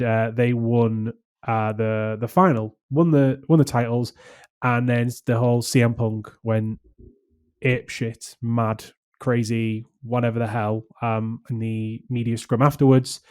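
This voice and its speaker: A man's voice: medium pitch, dark tone, clear, resonant tone. A man co-hosting a casual podcast chat, rambling with lots of fillers and restarts. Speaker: podcast co-host.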